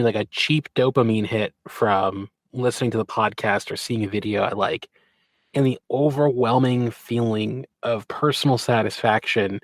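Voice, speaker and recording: A man in a casual podcast talk, speaking in a thoughtful, reflective and measured way. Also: medium pitch, no room sound. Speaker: podcast co-participant, model railroader.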